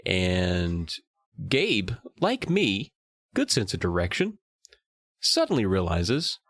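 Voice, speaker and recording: A man's voice: sits low, huge pitch swings, takes it slowly, a bit bright, slightly rough, no echo, studio quality. A man co-hosting a podcast, retelling the plot in casual, storytelling chat. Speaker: podcast co-host. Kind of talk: casual chat recapping a book.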